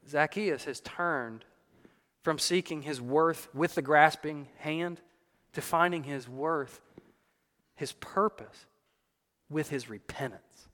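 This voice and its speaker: A man preaching a sermon, telling a story in an animated way with the odd light laugh. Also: fairly high pitch, slow pace, long pauses, long reverb tail.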